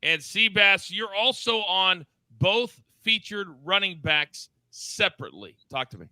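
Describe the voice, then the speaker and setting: A man hosting a live sports betting show, upbeat and teasing as he calls on each crew member for quick picks. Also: sits high, lively intonation, pushed and bright, no room sound, rough recording. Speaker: host.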